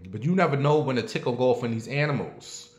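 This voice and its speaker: A sassy, foul-mouthed man tells a story as a casual rant. He sounds animated and mocking, and he breaks into barking noises. His voice sits at an average pitch and rings in a roomy echo. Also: fast. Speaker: online commentator.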